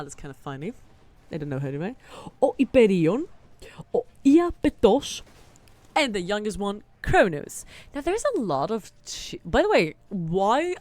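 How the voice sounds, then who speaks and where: A woman's voice: fairly low pitch, dry recording. A young woman with a Greek accent, retelling myths in a rambling, chatty way with many self-corrections and asides. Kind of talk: casual storytelling monologue.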